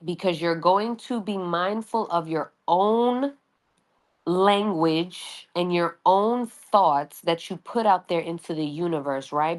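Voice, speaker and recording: Slow low-voiced New York woman. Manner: chatty, loose, asks "right?" often. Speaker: astrologer. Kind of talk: casual spoken reading. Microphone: audio only, no video.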